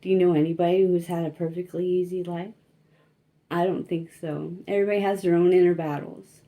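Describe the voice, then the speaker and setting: A woman's voice: lowish voice, little pitch movement, a little fast, dark tone. A young woman giving a casual tarot reading, rambling and self-conscious, laughing often and filling her talk with likes and you-knows. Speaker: tarot reader.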